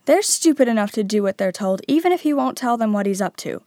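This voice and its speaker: A woman voicing an excitable teenage boy wizard, urgent and emphatic. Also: on the high side, fast, no echo, studio quality, lightly acted. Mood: excited.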